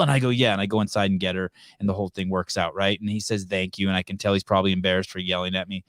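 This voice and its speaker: Animated male host telling stories. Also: low voice, racing, few pauses, no room sound, studio quality. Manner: animated storyteller, acts out dialogue, stammers on restarts. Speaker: podcast host. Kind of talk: casual storytelling.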